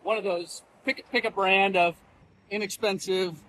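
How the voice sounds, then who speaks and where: Brief: man vlog host, unusually high voice, relaxed rambling, outside. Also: measured pace, low-quality recording. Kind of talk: casual on-location vlogging. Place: outdoors in town.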